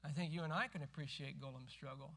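High, bright-voiced man preaching. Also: fast. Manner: emphatic preaching, rising to forceful cries when quoting scripture. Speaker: pastor. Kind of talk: sermon.

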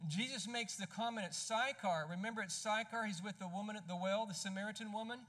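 A pastor preaching a sermon, emphatic and conversational, often asking rhetorical questions. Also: male voice, high voice, brisk, pushed and bright.

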